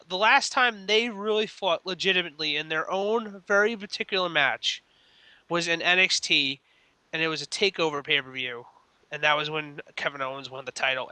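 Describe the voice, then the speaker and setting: A man's voice: fairly high pitch, sharp tone, clean tone, dry recording. A man co-hosting a casual podcast, rambling and cracking crude jokes. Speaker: podcast co-host. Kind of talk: casual wrestling chat.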